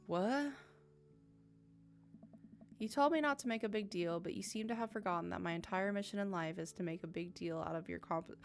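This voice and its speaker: A woman's voice: medium pitch, big pitch swings, normal speed, soft background music. A woman playing a dating game aloud, reading every character in a playful way. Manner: playful, voices several characters, laughs and tears up. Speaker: let's play gamer.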